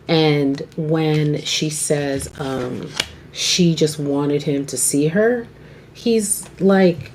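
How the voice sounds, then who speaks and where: A woman's voice: low voice, animated, takes it slowly, a little mellow. A woman doing a casual, rambling tarot reading to camera, often asking okay. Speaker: tarot reader. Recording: noisy home video recording.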